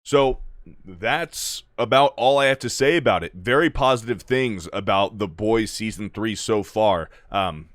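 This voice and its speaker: Lowish-voiced man, casual swearing reviewer. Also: measured pace, no room sound, clean studio sound. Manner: profanity-heavy, loose plot recap. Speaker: video reviewer.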